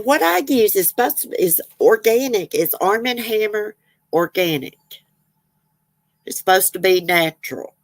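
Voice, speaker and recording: Lady chatting on a livestream, low voice, rambly and laughy, dry sound. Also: no echo. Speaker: livestream host. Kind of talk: casual chat reading viewer comments.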